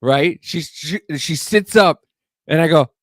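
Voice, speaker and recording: A man co-hosting a podcast, telling a long self-mocking story in a loose, profane, animated way. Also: fairly high pitch, unhurried, dry recording, studio quality. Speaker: podcast co-host. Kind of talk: casual storytelling chat.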